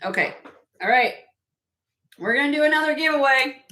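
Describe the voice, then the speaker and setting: Woman, live sale host, slightly hoarse, higher voice, crisp bright tone, laughs a lot. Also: expressive, moderate pace. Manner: chatty, laughs often. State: losing her voice. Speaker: host and jewelry seller. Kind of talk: casual live-stream sale chat.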